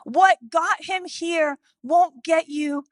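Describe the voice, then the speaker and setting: A woman in her thirties preaching a sermon, telling a family story in an animated way and acting out the voices. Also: very high voice, slow, no room sound. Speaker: pastor.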